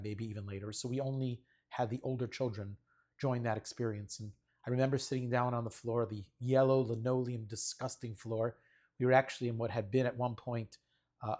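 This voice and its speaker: A rabbi tells a story in a sermon, earnest and measured. His voice sits in an ordinary middle pitch for a man, and he speaks with steady conviction. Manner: earnest storyteller who acts out voices of children.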